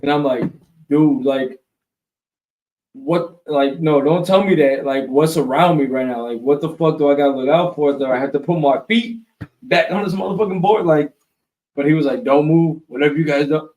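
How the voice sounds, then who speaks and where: A man co-hosting a live webshow, telling a long profane story in a loose, animated way. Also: fairly high pitch, normal speed, roomy sound, recorded from a distance, poor audio. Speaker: co-host. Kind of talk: casual storytelling chat.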